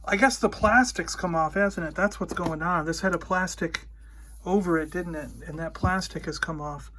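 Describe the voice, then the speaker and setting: Guy with a high bright voice rambling through a story, does little voices for people, lots of likes and you knows. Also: moderate pace, slight background noise. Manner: animated retelling, acts out quoted voices, lots of fillers. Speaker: host. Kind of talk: casual storytelling vlog. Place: indoors toy room.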